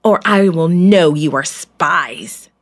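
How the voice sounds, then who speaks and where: Woman doing a deep stern ruler, giving orders slow, kids' storybook style. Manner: commanding, slow and low. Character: stern young man, governor of Egypt.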